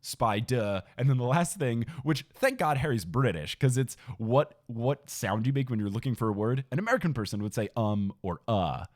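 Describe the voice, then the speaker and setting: A young man in his twenties hosts a casual podcast chat. His voice moves lively up and down, middle in pitch, and he jokes as he recaps a book with quick asides. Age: 20s. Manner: animated, joking, quick asides. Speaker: podcast host.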